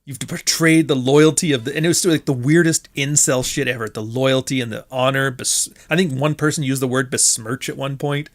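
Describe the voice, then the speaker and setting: A podcast host with a mid-range voice and fairly even intonation talks briskly, barely pausing. He delivers a casual, sardonic story monologue, swearing freely, laughing often, and playing out what others said.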